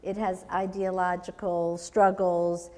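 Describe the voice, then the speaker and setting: A woman rabbi interviews a guest live in front of an audience. She asks thoughtful questions and hedges with ums. Her pitch sits low, and a long hall reverb follows her. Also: level tone, takes it slowly, warm tone. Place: synagogue hall before an audience.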